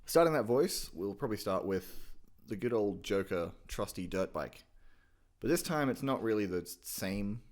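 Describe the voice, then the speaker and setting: Deep-voiced man rambling through a jokey tutorial. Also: animated, moderate pace, darkish tone. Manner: rambling, jokey, swears casually. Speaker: YouTube host teaching impressions. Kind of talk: casual tutorial chat.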